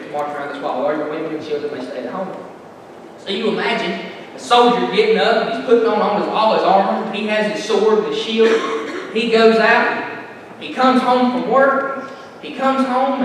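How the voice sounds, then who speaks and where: A man's voice: high-pitched, fairly bright tone. A young man preaching a sermon in a church, folksy and joking, telling stories about his family. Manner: folksy, joking, Southern turns of phrase. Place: church sanctuary. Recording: echoey hall from far off, faint noise.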